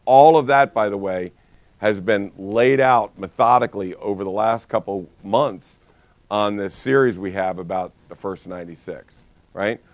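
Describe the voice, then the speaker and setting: Telling energetic stories full of restarts, a man teaches a live real estate training. He speaks at a measured pace in a fairly low voice, recorded dry.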